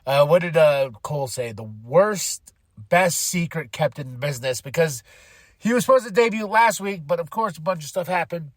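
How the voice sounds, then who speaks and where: A man hosting a podcast, casually recapping events with animated energy, laughing often and acting out quotes. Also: a little high, moderate pace, dry recording, studio quality. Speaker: podcast host.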